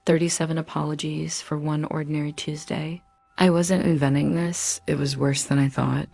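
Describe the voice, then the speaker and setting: Woman narrator, low and monotone, subdued confessional read over soft music. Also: moderate pace, vocal fry, dry recording. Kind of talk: first-person confessional narration.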